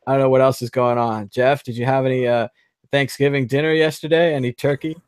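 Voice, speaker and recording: A man hosting a live panel show, moving briskly between guests and prompts. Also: medium pitch, fairly even intonation, smooth, dry recording, clean studio sound. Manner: brisk moderator, runs the segment and calls on guests. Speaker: host.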